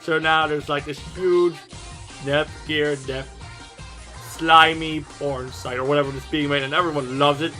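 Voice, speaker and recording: A man's voice: on the high side, steady tone, a little slow, pushed and bright, soft background music. A man giving a casual, irreverent episode recap of an anime, joking and swearing freely.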